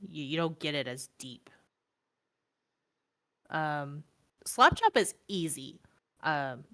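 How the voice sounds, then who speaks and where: A woman's voice: deep voice, a bit bright. A young woman co-hosting a stream, chatting casually with lots of fillers. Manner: rambling, filler-heavy, laughs often. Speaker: stream co-host. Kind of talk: casual chat about miniature painting.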